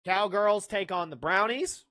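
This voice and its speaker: A man's voice: high-pitched, unhurried, bright, forceful tone. Brash ranting sports podcast man. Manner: brash, ranting, blurts dismissive outbursts; jokey, laughs at own lines. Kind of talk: livestreamed sports talk, answering chat.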